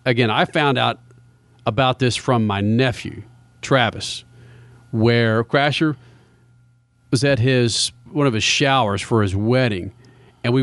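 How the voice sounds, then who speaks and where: A man's voice: medium pitch, dry recording. A man hosting a radio show, chatting casually with co-hosts, joking and laughing often. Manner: laughing, animated banter.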